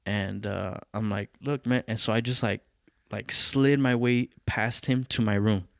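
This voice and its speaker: Here a podcast host's low, creaky voice moves at a measured pace in a studio-quality recording with no echo. Telling a story from his own life, he's profane and lively, acting out others' words.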